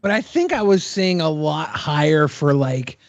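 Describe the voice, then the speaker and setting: A man co-hosting a casual podcast, blunt and profane, often restarting his sentences. His voice is a little higher than average, caught on a dull, slightly lo-fi mic in a dry room. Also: big pitch swings, unhurried, gravelly, dry recording. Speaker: podcast co-host. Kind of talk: casual commentary chat.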